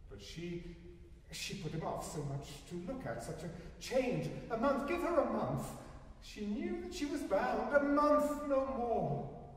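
A man in his sixties narrating a poem with an expressive, theatrical delivery, recorded live in a concert hall from afar. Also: very high-pitched, unhurried, distant mic, slight background noise. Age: 60s. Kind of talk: dramatic poetry recitation.

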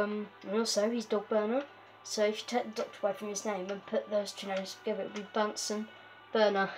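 A woman's voice: fairly high pitch, a little mellow. Giggly woman chatting through a game. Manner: chatty and giggly, many fillers, talks to her pet. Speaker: gaming video host. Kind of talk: casual game walkthrough commentary.

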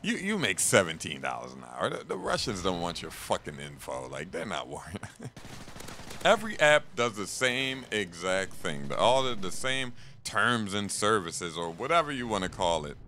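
A young man rambles through casual gaming talk, cursing freely. His low voice has a bright, forceful edge and swings widely in pitch. Faint noise hums behind him. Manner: rambling, profane, animated. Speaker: gaming streamer. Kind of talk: casual gameplay commentary.

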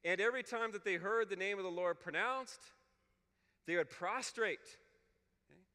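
Bright, clear male lecturer in a hall. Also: high voice, moderate pace. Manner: explanatory, often checks in with "okay?", reads scripture aloud. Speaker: Bible scholar speaking at a clergy retreat. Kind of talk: teaching talk to clergy.

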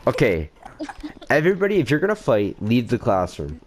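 A man's voice: medium pitch, wildly swooping pitch, a little fast, noisy background. A man gaming online, playing a mock-stern, exasperated teacher and laughing often. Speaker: gaming video host. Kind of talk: playful teacher role-play in online game chat. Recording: busy online voice chat with many players.

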